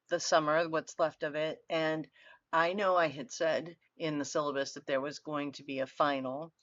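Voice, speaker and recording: A woman's voice: low-pitched, a bit bright, dry recording. A woman giving a university lecture in an earnest, conversational way, often restarting her phrases. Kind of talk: recorded online lecture. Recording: dry, dull lo-fi recording.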